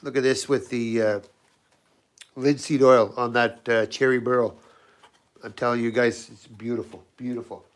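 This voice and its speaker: A man's voice: medium pitch, little pitch movement, measured pace, long pauses, clear, resonant tone. A man with a scratchy voice from a cold, talking loosely through his knife work in a home workshop livestream. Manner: loose, rambling, often restarts sentences. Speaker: knifemaker and channel host. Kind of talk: casual workshop livestream demo.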